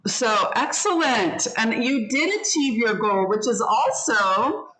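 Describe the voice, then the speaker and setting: A woman's voice: a little high, expressive, slow pace, a bit bright, low-quality recording. A woman teaching an online English class, patiently giving feedback and explaining how word stress changes. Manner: encouraging, explains pronunciation patiently.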